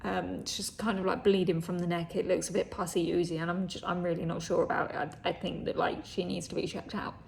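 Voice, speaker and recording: Talking fairly quickly with hardly any pauses, this young vlogger has a lowish, gravelly, darkish voice and a level tone, with slight background noise. She casually tells a story, swears a lot, acts out dialogue, and often whispers.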